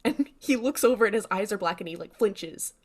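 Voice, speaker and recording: A woman's voice: mid-range voice, brisk. A young adult woman co-hosting a podcast, casually recapping a TV episode and quoting the characters with laughs. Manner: lively, quotes characters with laughter. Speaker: podcast co-host.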